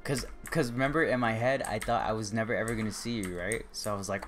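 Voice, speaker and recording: A man's voice: on the low side, fairly even intonation, quick pace, fairly bright tone, a little hiss or hum. A man chatting casually with his viewers on a livestream, rambling and joking and talking straight to them. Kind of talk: casual live-stream chat.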